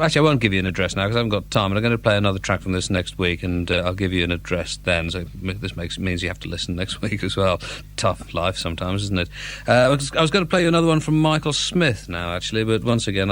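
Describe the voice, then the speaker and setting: Brief: male radio DJ, 40s, low voice, brisk rambling chat, dry self-mocking humour. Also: fairly bright tone, slight background noise. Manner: wry, rambling, self-deprecating. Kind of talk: casual radio links between records.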